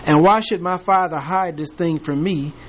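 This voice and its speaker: A man's voice: fairly high pitch, normal speed, slight background noise. Folksy man teaching from scripture. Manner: reads scripture aloud then retells it with playful humor and laughter. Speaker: Bible study teacher. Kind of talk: casual Bible study teaching.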